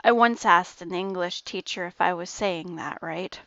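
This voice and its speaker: A woman's voice: fairly low pitch, moderate pace, sharp tone, no room sound, lo-fi sound. A young woman, chatting casually while gaming and laughing often. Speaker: gaming streamer.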